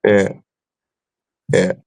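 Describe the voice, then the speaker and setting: A man's voice: extremely slow, darkish tone. A man co-hosting a podcast, laid back and easygoing in casual chat. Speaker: podcast co-host.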